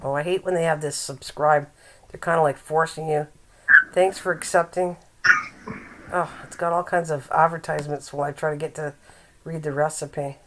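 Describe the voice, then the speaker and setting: An older woman hosts a casual live-stream chat. She teases her viewers, laughs often and reads a recipe aloud haltingly. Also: deep voice, steady tone, slight background noise. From Canada.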